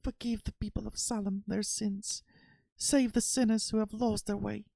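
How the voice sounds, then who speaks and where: A woman's voice: medium pitch, level tone, moderate pace, vocal fry, mellow, no room sound. A woman voicing a frightened young girl accused of witchcraft, pleading desperately as she reads a story game aloud. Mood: prayerful.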